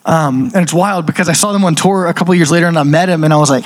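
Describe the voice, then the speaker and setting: A man's voice: on the high side, racing. Chatty man telling a personal testimony. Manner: chatty, full of "like" fillers, animated quoted asides. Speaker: speaker sharing a personal testimony. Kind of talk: casual storytelling talk.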